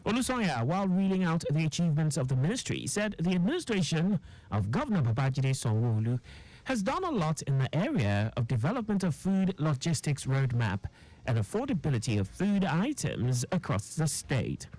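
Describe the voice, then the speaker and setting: A newsreader, reading a radio news bulletin in a formal, measured way. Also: medium pitch, poor audio. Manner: formal, measured read with lively intonation.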